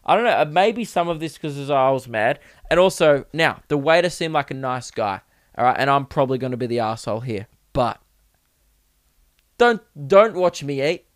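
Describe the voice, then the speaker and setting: Young man, comic podcast host, rambling and sweary, fairly high voice, smooth and crisp, dry close mic. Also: no echo. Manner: rambling, profane, self-mocking. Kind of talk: casual comedic monologue.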